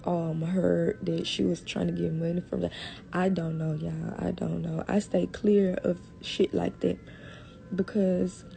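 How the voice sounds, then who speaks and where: Gravelly young woman telling a story. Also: fairly low pitch, unhurried, faint music behind. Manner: animated, talks to viewers as y'all, heavy swearing. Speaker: live streamer. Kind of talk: casual storytelling on a livestream.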